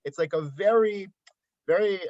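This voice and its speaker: A man's voice: mid-range voice, animated, moderate pace, dry recording. A man giving a daily Torah commentary lesson, explaining the text and asking rhetorical questions. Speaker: Torah teacher. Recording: dry, slightly dull sound.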